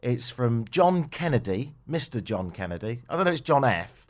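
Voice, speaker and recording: A man's voice: medium pitch, very animated, moderate pace. A man hosting a radio talk show, joking and making sarcastic asides.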